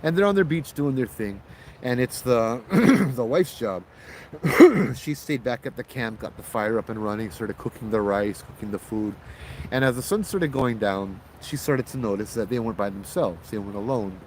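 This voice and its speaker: A man's voice: on the low side, lively intonation, normal speed, a little mellow, low-quality recording. A man, telling a ghost story casually. He talks loosely and animatedly, restarting his sentences, over faint background noise.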